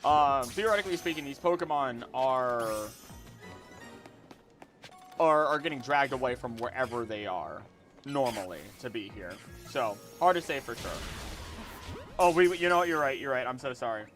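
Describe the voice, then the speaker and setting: A man's voice: medium pitch, animated, normal speed, long pauses, fairly bright tone, faint music behind. Young man rambling on a game stream. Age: 20s. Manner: rambling, repeats words, talks to chat. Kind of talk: casual gameplay livestream chat.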